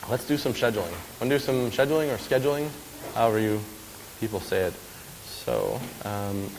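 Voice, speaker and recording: A man giving a casual live technical demo at a conference, chatty and often checking in with the audience. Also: medium pitch. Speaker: conference speaker. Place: conference lecture hall. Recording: reverberant hall with faint hiss.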